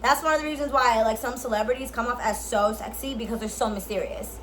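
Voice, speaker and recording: A woman vlogger giving a casual tutorial straight to camera. She is playful and blunt, swears a lot and uses slang, and at times drops into a low, slow sultry voice to demonstrate. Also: a bit bright, slight background noise, poor audio. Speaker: beauty and lifestyle vlogger.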